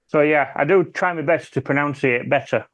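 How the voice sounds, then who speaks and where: On a podcast, a British man with a fairly high, slightly bright voice chats casually at a moderate pace. He rambles and tends to let his sentences trail off.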